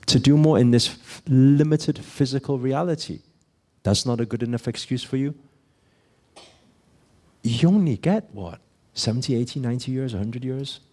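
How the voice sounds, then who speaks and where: A man's voice: mid-range voice, normal speed, pauses often. A man giving a motivational talk to an audience as a spiritual teacher. He keeps asking the room questions, tags "right?" and "okay?" onto his lines and acts out little everyday exchanges. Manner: animated, asks the audience many questions, acts out little dialogues.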